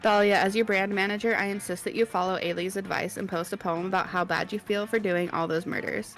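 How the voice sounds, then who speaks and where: A woman voicing a smooth-talking young male brand manager with an upbeat, persuasive manner. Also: mid-range voice, fairly even intonation, brisk, soft background music, close to an everyday voice. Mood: firm.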